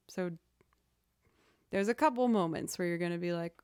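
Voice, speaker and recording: A woman hosting a casual livestream chat, answering viewer questions as a chatty, expressive storyteller. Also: fairly low pitch, moderate pace, long pauses, smooth, no echo, clean studio sound. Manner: chatty, expressive storyteller who acts out quoted reactions.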